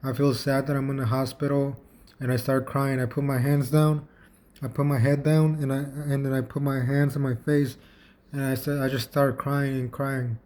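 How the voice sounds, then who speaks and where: A man vlogging, telling a personal story in a casual, halting way with frequent restarts and repeated words. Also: mid-range voice, level tone, darkish tone.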